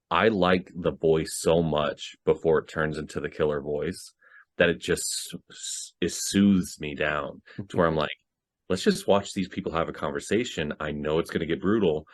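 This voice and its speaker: Deep-voiced man in casual movie chat. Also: no echo. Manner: animated, acts out quoted lines. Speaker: podcast co-host.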